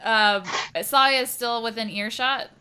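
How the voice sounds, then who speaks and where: A woman's voice: on the high side, fairly even intonation, a little slow, bright, forceful tone, clear, resonant tone. A woman playing a tabletop game, thinking aloud in a hesitant, casual way. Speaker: player.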